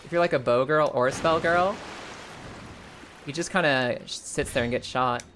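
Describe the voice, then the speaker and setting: A young woman streaming a game live, chatting casually, swearing freely and jumping into high excited squeals. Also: moderate pace, background noise.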